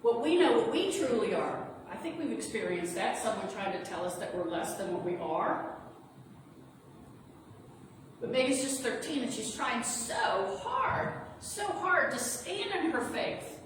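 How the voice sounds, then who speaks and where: A woman's voice: a little high, big pitch swings, unhurried. A woman reverend giving a sermon, retelling a story in an earnest, reassuring way. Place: sanctuary of a spiritual center. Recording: echoey hall from far off, noisy.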